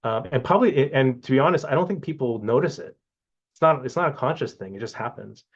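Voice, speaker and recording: A man's voice: mid-range voice, expressive, fast talker, husky. A man in his fifties from Hawaii, speaking in a casual, reflective interview and often restarting his sentences. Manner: hesitant, many restarts and fillers. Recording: muffled lo-fi recording.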